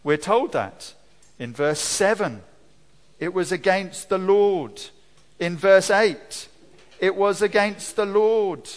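High-voiced preacher in echoing church. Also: male voice, slow pace. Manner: lively, questioning the children. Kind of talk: children's talk in a church service.

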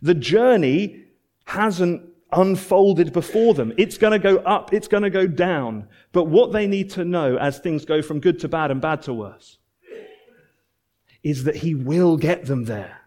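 A man preaching a sermon, earnest and emphatic, repeating phrases and dropping to soft, low endings. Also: lively intonation, measured pace.

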